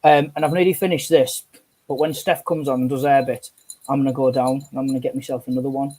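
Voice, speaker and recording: A man's voice: mid-range voice, level tone, fast talker, dark tone. A man, chatting and telling sweary stories as co-host of a live stream on an earphone mic. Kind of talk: casual chat.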